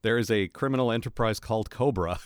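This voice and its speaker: A man's voice: lowish voice, fast, clean tone, no room sound, studio quality. A man co-hosting a podcast, chatting casually and then reading a joking, sarcastic recap of an episode. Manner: wry, joking, sarcastic asides. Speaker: podcast co-host.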